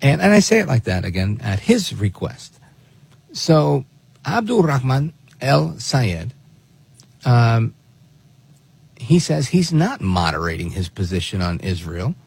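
A man's voice: lowish voice, very animated, measured pace, gravelly, darkish tone, breathy edge, dry recording. A man hosting political commentary, who talks in a sarcastic, exasperated way and fires off rhetorical questions. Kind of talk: opinionated commentary on played clips.

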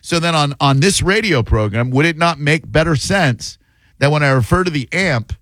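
A man's voice: fairly high pitch, animated, normal speed, fairly bright tone, no echo. A man hosting a radio show, sarcastic and rambling in playful studio banter. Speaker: radio host.

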